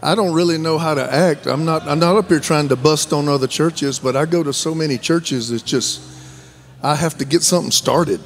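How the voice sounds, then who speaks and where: A man's voice: on the high side, normal speed, a little hiss or hum. Southern preacher man, folksy and fervent. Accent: Southern American. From American South. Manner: folksy, joking, rising to shouted fervor. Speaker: guest pastor. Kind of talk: sermon. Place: large church sanctuary.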